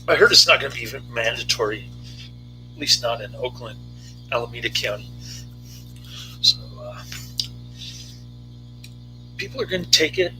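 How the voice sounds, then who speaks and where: A man talking casually as a movie reviewer, rambling and halting with many fillers and restarts. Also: mid-range voice, sharp tone, poor audio.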